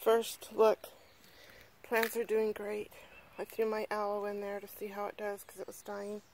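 A woman's voice: medium pitch, completely flat delivery, measured pace, gravelly, slight background noise. A middle-aged woman vlogging outdoors on her phone, breathless and gushing, swearing freely as she talks. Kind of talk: excited casual vlog. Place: outdoors in a yard. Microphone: handheld phone camera.

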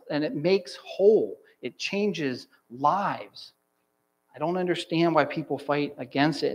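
A man preaching a sermon as pastor in a church, stressing single words and slowing down on key phrases. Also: fairly high pitch, poor audio. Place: church sanctuary.

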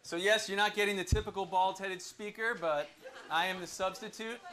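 A man filling in as preacher, giving a casual sermon and retelling a Bible story with voiced quotes, then reading Scripture slowly. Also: fairly even intonation, sharp tone. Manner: slow, low Scripture reading. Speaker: substitute preacher. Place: church sanctuary.

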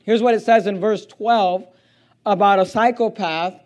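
A male pastor preaching a sermon, reading aloud and driving points home by repeating phrases and slowing on key words. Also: sits high, steady tone.

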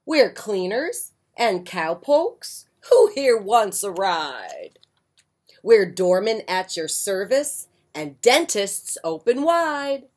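A woman reading a children's picture book aloud with an expressive voice, breaking off for soft, chatty asides. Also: medium pitch. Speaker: children's story reader. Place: porch, outdoors.

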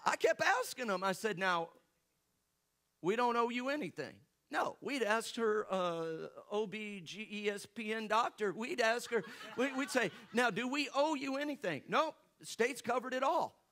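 A man's voice: high-pitched, animated, measured pace, a bit bright. A man preaching a sermon, telling a personal story and joking with the congregation. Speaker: pastor.

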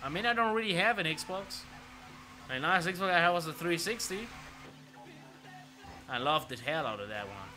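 A man streaming himself playing an arcade racing game, talking casually and excitedly to his viewers and swearing now and then. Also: a little high, moderate pace, long pauses. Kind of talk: live gameplay commentary. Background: arcade racing game music.

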